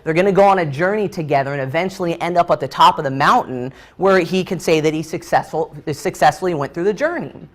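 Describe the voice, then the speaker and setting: A man's voice: a little high, fast talker, few pauses. A man leading a training session, telling a story freestyle while drawing, loose and chatty with many fillers and restarts.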